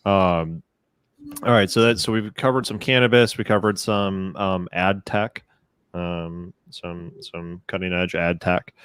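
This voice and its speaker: A man's voice: deep voice, fairly even intonation, a little slow, fairly bright tone, clear, resonant tone, no room sound. A young man hosting a casual stock-market livestream, joking and laughing often. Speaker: show host.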